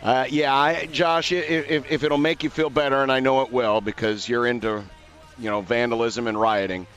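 A man's voice: mid-range voice, fairly even intonation, normal speed, a bit bright, faint music behind. A man co-hosting a casual sports radio show, often stumbling and repeating his words as he starts a sentence.

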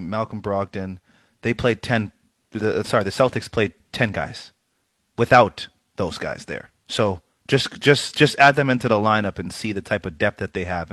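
Animated man breaking down a basketball game. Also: lowish voice, no echo. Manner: animated, restarts words often. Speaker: basketball analyst. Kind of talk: post-game panel chat.

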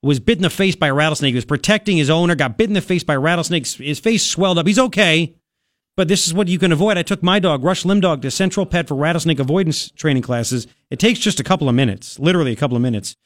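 A man hosting talk radio, his voice sitting fairly high for a man. He talks emphatically, repeats himself and throws in quick asides. The studio sound is close and dry. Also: dry recording. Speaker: radio talk show host. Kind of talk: talk radio monologue with live ad read. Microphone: studio microphone.

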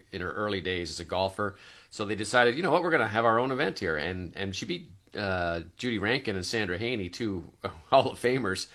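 Guy cohosting, fairly low voice, chatty storyteller. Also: a bit bright. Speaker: co-host. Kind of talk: casual chat.

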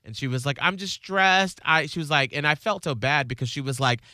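A man's voice: fairly even intonation, fast, bright, forceful tone, no room sound, clean studio sound. A man chatting casually as a co-host, recounting a visit earnestly and voicing the people in it. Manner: earnest storytelling with high-pitched quoted voices. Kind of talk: casual chat.

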